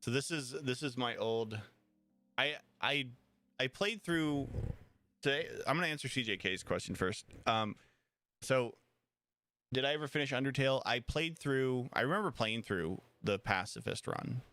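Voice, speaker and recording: A man's voice: medium pitch, expressive, normal speed, sharp tone, no room sound. A man streaming live, talking casually and rambling, with frequent restarts and laughter. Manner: rambling, repeats himself, laughs often.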